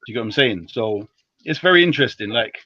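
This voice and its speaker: A young man hosting a live stream, talking in slangy, teasing, heated casual banter that jumps between loud and low. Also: lively intonation, fast talker, no room sound. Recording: dull lo-fi stream audio.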